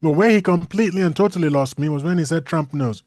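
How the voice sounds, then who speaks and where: A man with a high, light voice chats on a talk show, recorded dry and close. He is animated, laughs often and slips into playful voices. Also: fast, no echo. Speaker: co-host. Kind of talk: casual chat.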